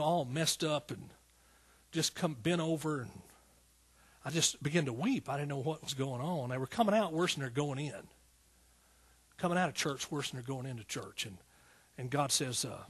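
A man in his sixties preaching a sermon as pastor, telling a personal story in soft asides and building to fervent exhortation. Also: medium pitch, animated, a little fast, husky. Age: 60s.

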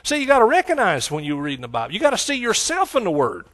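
A middle-aged man with a Texan accent preaching a sermon, exclaiming hallelujah and swinging between loud outbursts and hushed asides. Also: high-pitched, wildly swooping pitch, fast talker.

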